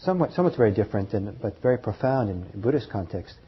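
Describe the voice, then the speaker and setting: Husky-voiced man giving a meditation talk. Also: lowish voice, sing-song. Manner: halting, many fillers and restarts, gentle chuckles. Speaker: meditation teacher. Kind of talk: dharma talk to a group. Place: meditation hall with a live group. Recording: dull lo-fi talk recording.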